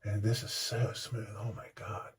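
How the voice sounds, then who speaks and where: A man's voice: lowish voice, level tone, measured pace, a little hiss or hum. A man telling a rambling story in a casual vlog, stopping to comment as he shaves. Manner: rambling, self-interrupting, chatty. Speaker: vlogger. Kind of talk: casual storytelling while shaving.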